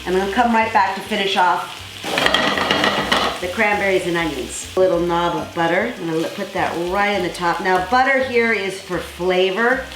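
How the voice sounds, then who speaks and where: A woman's voice: fairly low pitch, normal speed, reverberant, heavy background noise. A woman hosting a cooking demonstration in a kitchen, talking viewers through each step in an effusive, enthusiastic, chatty way. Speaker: cooking show host.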